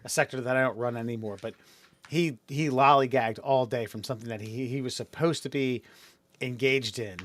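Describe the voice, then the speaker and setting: A man's voice: medium pitch, steady tone, brisk, fairly bright tone, no echo. A man co-hosting a casual podcast chat, profane and mocking, who mimics other people in exaggerated voices. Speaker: podcast co-host.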